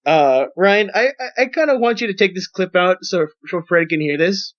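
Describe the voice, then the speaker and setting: A young man telling a rambling, profane, animated story on a podcast as its host. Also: high voice, moderate pace. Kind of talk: casual storytelling. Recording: dull lo-fi podcast audio.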